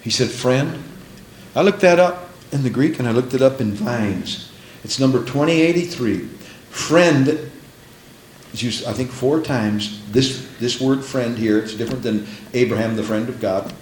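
A man's voice: medium pitch, normal speed. Preacher man with a roomy echo. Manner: swings from hushed to shouting, dramatic quoted voices. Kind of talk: sermon. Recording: roomy echo with faint background noise.

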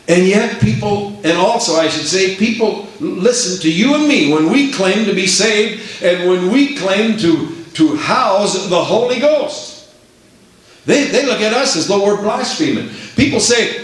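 An emphatic male preacher delivers a sermon, acting out the voices of scripture. His pitch leaps widely as he speaks slowly and deliberately. The sound echoes heavily around the room. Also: very animated.

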